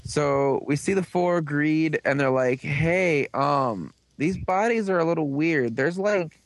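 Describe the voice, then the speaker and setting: A young man hosting a casual chat, rambling through a recap with lots of fillers and quick put-on voices for the characters. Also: fairly high pitch, no echo. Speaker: podcast host recapping a show.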